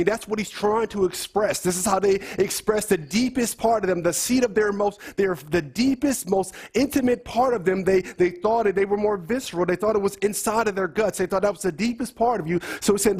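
A man's voice: sits high, normal speed, hardly any pauses, darkish tone, slightly rough. A man giving a conversational Bible teaching in an earnest way, repeating key phrases and quizzing his listeners.

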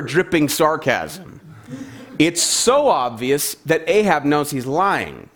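A man's voice: a little high, sing-song, slow pace. A man preaching a sermon in a conversational, humorous storytelling way.

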